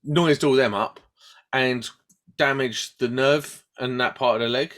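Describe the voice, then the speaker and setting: An unhurried man with a mid-range voice tells a story on the podcast he co-hosts. It's a casual chat, and he stays animated throughout, impersonating quoted voices and laughing at himself.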